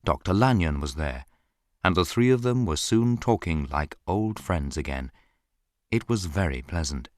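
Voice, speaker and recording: Slow, deep-voiced male storybook narrator. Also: animated, no echo, studio quality. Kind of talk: scripted audiobook narration.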